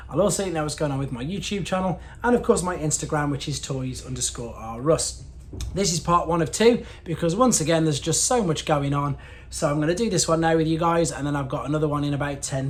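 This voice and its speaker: A man hosting a casual weekly toy news roundup, enthusiastic and rambling, with plenty of fillers and restarts. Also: on the high side. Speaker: toy collector channel host.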